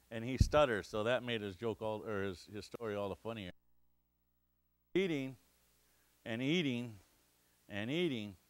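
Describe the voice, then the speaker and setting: A middle-aged man from Montana's Crow Nation giving a lecture, telling a funny story with lively acted-out shouts and quoted voices. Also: on the low side, smooth, dry recording. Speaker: guest lecturer. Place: lecture hall.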